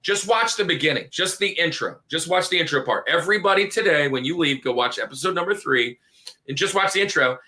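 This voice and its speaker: A man's voice: a little high, animated, a little fast, pushed and bright. A young married man chatting animatedly on a podcast, calling his friends dude and bro. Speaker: podcast co-host. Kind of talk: casual podcast chat.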